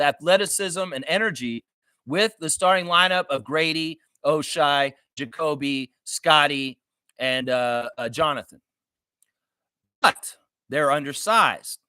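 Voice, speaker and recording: Guy on a live fan stream going off about his team, lots of cursing, highish bright voice, dry close sound. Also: no room sound. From Canada. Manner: ranting, heavy swearing, reads viewer comments. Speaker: sports fan channel host. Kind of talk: angry live basketball reaction.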